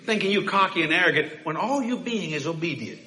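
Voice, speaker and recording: High-pitched animated shouting preacher. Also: male voice, fast talker. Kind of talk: sermon. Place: church hall with congregation. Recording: echoey church hall.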